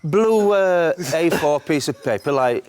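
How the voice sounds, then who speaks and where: A man, a former footballer telling anecdotes in lively chat, often laughing at his own stories. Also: fairly high pitch, unhurried.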